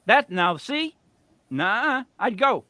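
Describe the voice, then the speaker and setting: With a high voice and a slow delivery, a middle-aged man co-hosts a live show and tells a long, rambling, animated story, veering between loud bursts and mutters. The recording is dry with clean studio sound.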